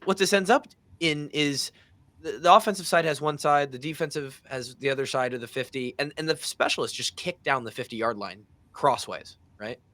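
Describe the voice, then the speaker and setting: A man in his thirties tells a story on a casual podcast. His voice is bright and forward, and he talks in an animated way, slipping into the voices of the people in the story. His pitch sits in an ordinary middle range. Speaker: podcast host.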